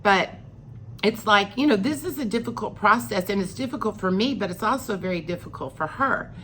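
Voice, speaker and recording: A woman's voice: mid-range voice, animated, brisk, fairly bright tone, slight background noise. A middle-aged woman, telling a personal story in a chatty vlog, acting out what people said. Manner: chatty, acts out quoted lines with rising emphasis. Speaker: vlogger.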